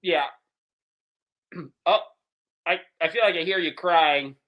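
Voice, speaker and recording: A man's voice: on the high side, slow pace, dull audio. A man voicing an apologetic mission-control officer in an improvised comedy scene, hesitating often. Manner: hesitant, many "uh" fillers.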